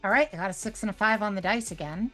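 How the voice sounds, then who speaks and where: A woman's voice: mid-range voice, quick pace, fairly bright tone, faint music behind, poor audio. A woman playing a tabletop game, describing her character's actions casually. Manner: casual, uses "like" often. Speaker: player.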